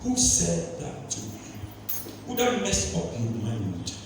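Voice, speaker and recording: A man from Leone, preaching a sermon and firing off rhetorical questions that climb into shouts. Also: a little high, wildly swooping pitch, takes it slowly, background noise. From Sierra Leone. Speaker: pastor. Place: large church hall. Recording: echoey church hall, distant mic.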